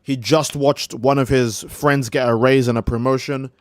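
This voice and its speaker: Mid-range and moderately paced, his voice stays fairly even as he chats through a let's-play. He rambles casually, curses, and acts out short skits of people while gaming.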